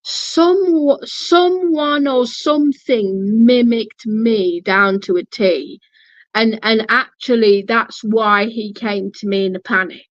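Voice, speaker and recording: Woman, casual storytelling vlog, blunt, swearing, restarts, slow pace, dull lo-fi sound. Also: medium pitch, no echo. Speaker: vlogger.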